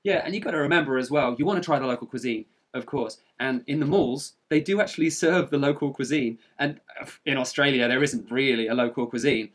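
Relaxed, chatty man co-hosting. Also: medium pitch, fast, few pauses. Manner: chatty and relaxed, with mild swearing. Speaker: podcast co-host. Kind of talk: casual travel podcast chat.

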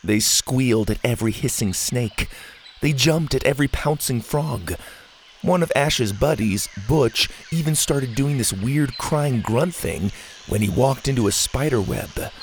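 Lively, gravelly man narrating. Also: mid-range voice, unhurried, slight background noise. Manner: expressive, lively storyteller. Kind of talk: children's audio story narration.

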